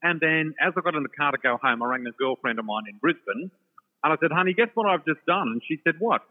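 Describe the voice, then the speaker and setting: A man telling an animated personal story, laughing often and acting out the other voices, from a shopping centre. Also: mid-range voice, quick pace. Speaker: storyteller guest. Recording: tinny phone line with long reverb.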